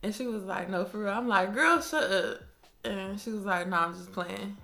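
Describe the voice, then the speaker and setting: A young woman telling a casual storytime on her own mic, animated and slangy, swearing freely and laughing often. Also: medium pitch, brisk, creaky. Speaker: storytime vlogger. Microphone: own microphone.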